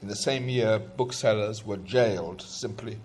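Hesitant man with a low voice. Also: a little slow, darkish tone, breathy edge. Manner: hesitant, many ums and restarts. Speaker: speaker introducing poems. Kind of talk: conversational talk.

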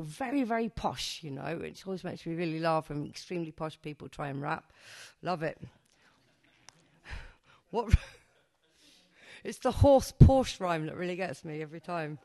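A woman's voice: lowish voice, lively intonation, moderate pace, a little mellow. Brief: woman, performance poet, live comic storytelling, chatty and cheeky, swears, laughs at herself. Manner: chatty, self-mocking, swears freely, laughs at own jokes. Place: stage before a live audience.

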